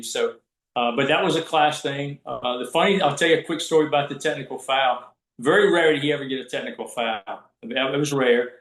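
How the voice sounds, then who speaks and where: A man's voice: mid-range voice, a little fast, echoey room, low-quality recording. A man, a college basketball referee telling stories in a casual podcast chat, acting out the voices of the people he quotes. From Southwest Virginia. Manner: animated, acts out quoted voices. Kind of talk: casual storytelling.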